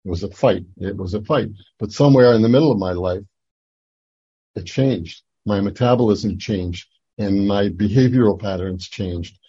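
An older man tells his own story at a recovery meeting, stopping and restarting with many fillers as he goes. His voice is mellow and husky. The recording is dry and slightly muffled. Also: on the low side, moderate pace, dry recording. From Atlantic City, New Jersey. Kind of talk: personal testimony talk.

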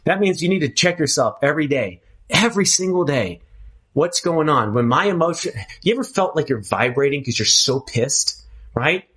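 A man's voice: fairly high pitch, lively intonation, normal speed, a bit bright, husky. A man speaking candidly at a twelve-step recovery meeting, earnest and emphatic, often restarting his phrases.

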